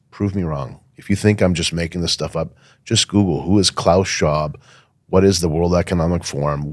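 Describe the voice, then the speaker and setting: A man's voice: rumbling low, no echo. A man speaking as a guest in a podcast interview, emphatic and insistent, with frequent fillers. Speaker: guest, firearms safety academy owner.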